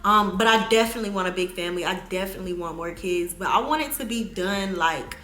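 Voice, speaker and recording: Young mom vlogger, casual chat, bright forceful voice, echoey room. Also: female voice, mid-range voice, quick pace. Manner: animated, slangy, talks straight to viewers. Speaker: vlogger, mother.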